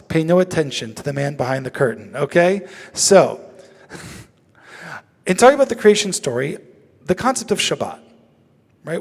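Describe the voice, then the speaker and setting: A man with a slightly high voice teaches as a rabbi in a synagogue, asking the audience questions and throwing in jokes. His voice rings out with the long reverb of a large hall. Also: creaky. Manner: asks the audience questions, joking and lively. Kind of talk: interactive teaching talk. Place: synagogue sanctuary.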